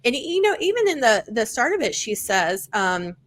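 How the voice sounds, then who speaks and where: A woman hosts a podcast and talks books in a loose, gushing way. She fills her sentences with "like" and "um" and swears without a second thought. Her voice is bright and forward. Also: on the high side, moderate pace. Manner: chatty, many fillers, casual swearing; animated, excited storytelling. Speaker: podcast host. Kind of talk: casual book-review chat.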